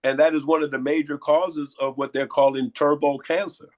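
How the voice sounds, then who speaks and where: Hoarse, congested man lecturing. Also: fairly high pitch, flat delivery, moderate pace. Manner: rhetorical, repeats pointed questions. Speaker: guest. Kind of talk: lecturing interview answers.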